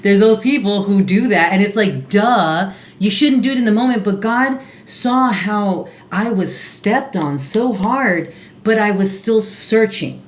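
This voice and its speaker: A woman shares her own story on a podcast, earnest and confessional, often restarting her sentences. Her voice carries a roomy echo. She sits at a middling pitch for a woman. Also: animated, measured pace. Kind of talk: casual podcast conversation.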